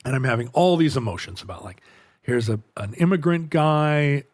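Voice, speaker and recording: A middle-aged man tells a long story in a relaxed, conversational way, with a voice of ordinary pitch. He often stops and restarts his sentences and acts out what people said. The recording is dry and close, with no room sound. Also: moderate pace, dry recording. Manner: rambling, self-interrupting anecdote with quoted dialogue. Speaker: podcast host. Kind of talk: storytelling in casual chat.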